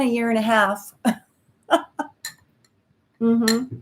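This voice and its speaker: A woman's voice: on the high side, slow pace, long pauses, a little hiss or hum. A woman astrologer hosting a casual live stream, chatting effusively and pulling tarot cards for viewers. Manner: bubbly and effusive, with laughs and "um" fillers. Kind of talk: casual live-stream chat with card readings.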